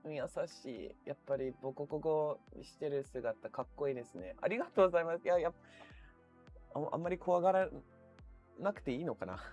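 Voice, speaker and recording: A man's voice: on the high side, lively intonation, very fast, darkish tone, highs cut off, soft background music. A man streaming live, chatting casually and reading out viewer comments, swearing freely and laughing often.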